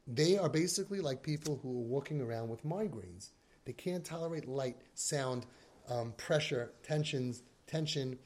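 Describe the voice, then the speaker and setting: A man's voice: on the high side, vocal fry, darkish tone. A man, a parenting coach telling stories on a podcast and mixing Yiddish and Hebrew words into his talk.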